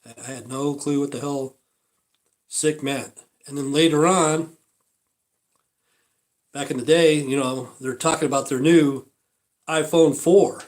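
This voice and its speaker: A man's voice: on the high side, steady tone, unhurried, pauses often, a little mellow. An older man rambling through a casual livestream monologue, profane and repetitive, circling back over his points. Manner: rambling, profane, repeats himself. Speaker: livestream host.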